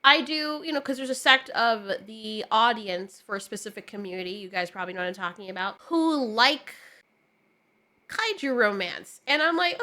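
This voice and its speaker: A young woman commentator with a bright, high voice that bounces through a lively range. She reacts animatedly, laughs often and slips into mocking voices as she talks. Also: normal speed. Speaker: YouTube commentator.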